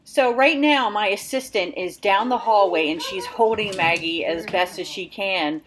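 A woman's voice: medium pitch, normal speed, a bit bright. A woman dog trainer hosting an at-home obedience lesson, talking upbeat and friendly as she explains each step. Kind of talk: instructional video talk.

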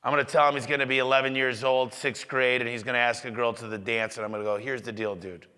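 A man giving an energetic motivational business talk to an audience, acting out sales conversations as he goes. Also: mid-range voice, fast, clean tone. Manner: energetic, acts out customer dialogue. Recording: echoey hall.

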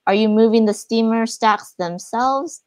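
Female streamer host; chatty, laughs a lot, slightly high, dry mic. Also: a little slow, darkish tone, no room sound. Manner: chatty, thinks aloud, laughs often. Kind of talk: casual board game play chat.

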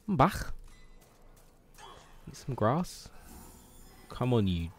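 Low-voiced swearing streamer man. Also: expressive, measured pace, long pauses. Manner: frustrated, swears a lot, mutters to himself. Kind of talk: casual live gameplay commentary.

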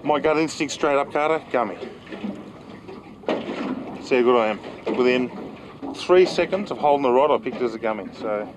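A man with an Australian accent hosts a fishing show from a small boat, recorded outdoors with water and engine noise in the background. His medium-pitched voice is animated and at normal speed, with long pauses, as he chats enthusiastically and exclaims while working a fish.

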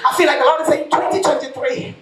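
A woman pastor preaching a fervent sermon, often shouting and calling for responses from the congregation. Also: high-pitched, fast, faint music behind. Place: church service. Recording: echoey church hall, mic at a distance.

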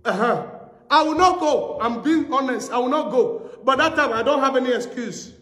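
A man's voice: very high-pitched, lively intonation, normal speed, fairly bright tone. A man preaching a sermon as pastor, telling stories and repeating phrases for emphasis. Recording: echoey hall.

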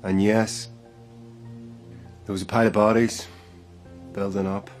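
An actor plays a retired lawman in his later years, speaking with a very deep, low voice. He talks in a grave, confessional manner. Quiet music sits faintly behind him. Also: level tone, unhurried, close to an everyday voice. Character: retired old lawman keeping a grim secret. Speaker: retired police officer.

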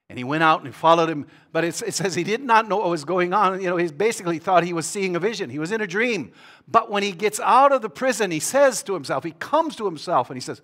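A man, a guest pastor, preaching a sermon that swings between loud bursts and hushed, tender passages. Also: high-pitched, lively intonation, fast talker.

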